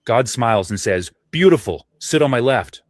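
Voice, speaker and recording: A man voicing God and a smug cat in a joke video, slow and deliberate on the punchlines. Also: medium pitch, lively intonation, no echo, clean studio sound, close to an everyday voice. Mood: amused.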